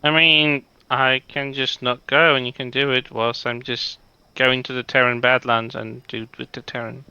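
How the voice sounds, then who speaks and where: A man's voice: mid-range voice, level tone, normal speed, pushed and bright, smooth, dry recording, lo-fi sound. A man chatting casually while gaming, grumbling and restarting his words. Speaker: co-host gaming on stream.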